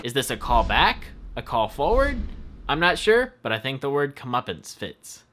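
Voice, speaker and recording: Lively, upbeat fan video narrator. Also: medium pitch, moderate pace, music in the background. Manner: enthusiastic, upbeat explainer.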